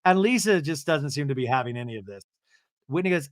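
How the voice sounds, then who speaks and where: A man hosting a podcast, recapping a TV show in a gossipy, animated way and laughing often. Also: fairly high pitch, fast, dry recording, clean studio sound. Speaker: podcast host. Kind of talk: casual TV recap monologue.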